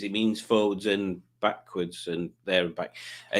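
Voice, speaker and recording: A man's voice: on the low side, measured pace. A man hosting a livestream in casual chat, reading out viewer comments in a rambling, jokey way. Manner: rambling and jokey, with frequent ums and self-corrections. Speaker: livestream host.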